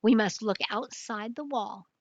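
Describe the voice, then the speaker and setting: A woman's voice: fairly high pitch, a little slow, no room sound, lo-fi sound. Big Max, a woman reading as a sure detective. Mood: confident. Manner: confident, explaining. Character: boastful clever elephant detective, male.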